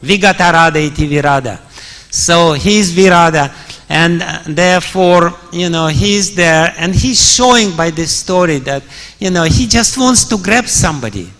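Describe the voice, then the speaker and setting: A man's voice: fairly high pitch, moderate pace, a bit bright. A man preaching a scripture story in a temple hall, chuckling often and using many fillers. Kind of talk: storytelling sermon.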